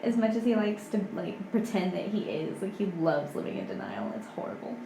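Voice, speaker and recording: Young woman guest, twenties, gravelly low-key chat, echoey room. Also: very animated, brisk, noisy background. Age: 20s. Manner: soft-spoken, heavy use of "like". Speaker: podcast guest. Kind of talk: casual chat.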